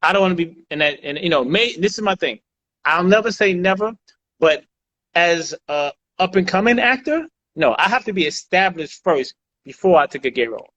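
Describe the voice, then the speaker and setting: A man's voice: high voice, lively intonation, normal speed, a bit bright. A man, an actor and co-host, talking bluntly and emphatically in casual podcast chat, often repeating himself. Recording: dull lo-fi recording.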